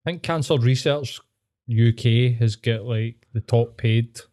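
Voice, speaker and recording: A man's voice: mid-range voice, a little slow, mellow. A young man with a Glaswegian accent, hosting a podcast in casual chat, swearing a lot as he rants and mimics people. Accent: Scottish, Glaswegian. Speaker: podcast host.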